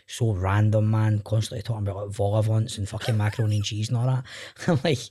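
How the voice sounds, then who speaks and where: A middle-aged man with a Glaswegian Scottish accent, chatting as a podcast guest. He tells animated stories, laughs often and swears freely. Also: fairly low pitch, fast. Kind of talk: casual chat.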